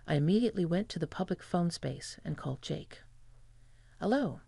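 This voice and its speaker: A woman narrates a revenge story in an even, measured way, her voice gravelly with fry. The tone is dark and mellow. It sits close and dry on the mic, with no room sound. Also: lowish voice, no echo.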